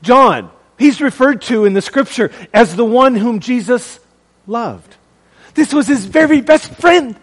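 High-voiced dramatic male preacher. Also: animated, a little slow, in a large hall. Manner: dramatic, swings from loud to hushed; calls to the congregation. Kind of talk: sermon.

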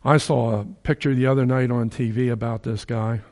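Older jersey guy preaching, casual and folksy, gets loud and emphatic at the big points. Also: medium pitch, steady tone, moderate pace. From New Jersey. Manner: conversational preaching with chuckles and emphatic rises. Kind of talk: sermon.

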